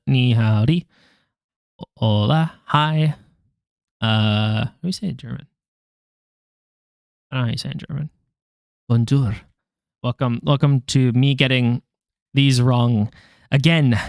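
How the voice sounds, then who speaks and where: A man's voice: mid-range voice, a little mellow, clean tone, no room sound. Young man, casual self-talk, sounds out syllables, jokes at own mistakes, dry close sound. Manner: muttering syllables, self-deprecating jokes, chatting to viewers. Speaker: language learner vlogger. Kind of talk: casual self-talk while drilling flashcards.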